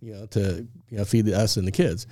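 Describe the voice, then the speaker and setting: A middle-aged man hosting a podcast, telling a personal story in an animated way and checking in with his listeners as he goes. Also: lowish voice, a little fast, no room sound, studio quality. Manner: animated, stops often with "okay?" to check in with listeners; acts out the dialogue of the people in his story. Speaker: podcast host. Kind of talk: conversational storytelling.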